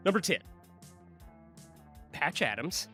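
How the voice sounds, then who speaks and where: An animated young man co-hosts a casual movie podcast, joking and laughing often as he talks. His voice is bright and fairly high, with a lot of swing in his pitch. Soft music sits faintly behind him. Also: slow, breathy edge. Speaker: podcast co-host.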